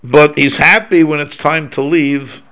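A man's voice: on the high side, steady tone, unhurried, sharp tone, smooth. A man giving an informal religious lecture, talking in a loose conversational way with many restarts and Hebrew terms mixed in. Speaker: Torah teacher.

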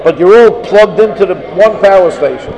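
High-voiced man teaching a lively Talmud class. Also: normal speed. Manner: animated, emphatic, argues points aloud. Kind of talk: Talmud lecture to students. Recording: noisy class of listeners.

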